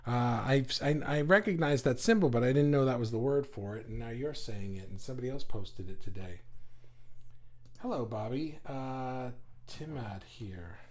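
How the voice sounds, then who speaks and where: A man's voice: mid-range voice, animated, moderate pace, a little mellow, a little hiss or hum. A middle-aged man with a New York accent, hosting a casual live chat, reading viewer comments aloud, laughing often and stumbling over his words.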